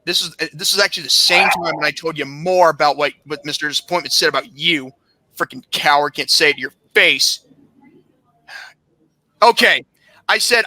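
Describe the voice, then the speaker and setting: A man hosting a podcast, ranting angrily and sarcastically, often breaking into shouts. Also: fairly high pitch, normal speed, long pauses, dry recording. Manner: heated, indignant, breaks into shouting; sarcastic, mocking. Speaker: podcast host. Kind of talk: angry rant.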